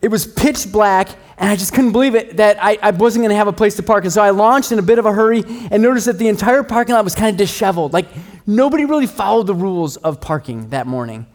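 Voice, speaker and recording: A middle-aged male pastor delivering a sermon in a relaxed, conversational way. His voice sits a little higher than most men's, and he pokes fun at himself as he tells everyday stories. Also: fast talker, hardly any pauses. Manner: conversational, self-deprecating storytelling.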